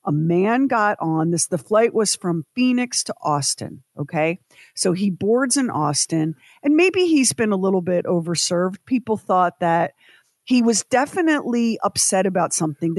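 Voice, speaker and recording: A woman co-hosting a radio show, telling a story with lively quoted voices. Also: mid-range voice, dry recording. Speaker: co-host. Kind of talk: casual chat.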